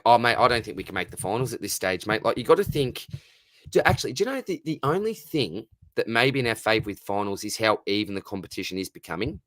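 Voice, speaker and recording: A man's voice: lowish voice, big pitch swings, fast, a bit bright, no echo. A man in his thirties with an Australian accent, hosting a casual live Q&A, chatty and matey, answering viewer comments. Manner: chatty, matey, calls everyone mate. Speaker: fantasy football livestream host.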